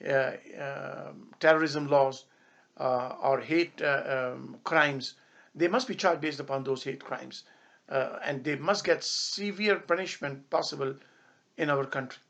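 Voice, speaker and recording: A man's voice: fairly high pitch, gravelly, a bit bright. A man speaking as an imam, giving a public statement with impassioned emphasis and stretches of solemn prayer. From Canada. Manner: impassioned, rising to angry emphasis.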